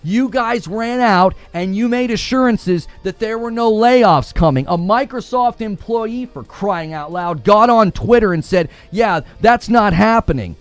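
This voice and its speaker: A man's voice: sits high, unhurried, few pauses. A man hosting a gaming commentary show, ranting in a heated, indignant and sarcastic way.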